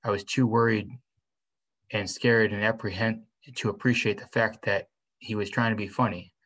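A man's voice: fairly low pitch, level tone, moderate pace, a bit bright, poor audio. A man reading a novel aloud in the first person, stumbling and restarting now and then. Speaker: reader.

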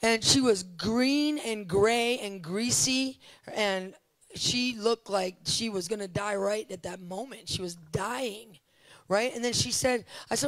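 A middle-aged woman preaching at a conference, telling testimonies in an animated, emphatic way and repeating phrases for emphasis. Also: medium pitch, slow, dry recording, poor audio.

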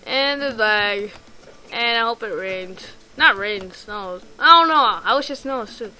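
Slow bright-voiced woman gamer rambling. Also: fairly high pitch, poor audio. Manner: rambling and excitable, many ums and restarts. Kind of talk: let's play game commentary.

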